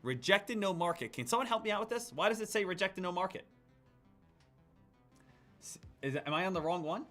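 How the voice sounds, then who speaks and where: A man giving live day-trading commentary, excitable, jumping between loud hype and quiet muttering. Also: sits high, a little fast, long pauses, soft background music. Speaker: day trader streaming his trades.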